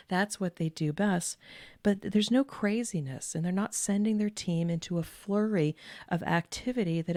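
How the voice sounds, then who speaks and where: Middle-aged woman host, low steady voice, calm measured delivery, dry close room. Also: no room sound. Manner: calm, measured, with deliberate pauses; earnest and encouraging, repeats key words. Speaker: podcast host and executive coach. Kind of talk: direct-to-camera advice talk.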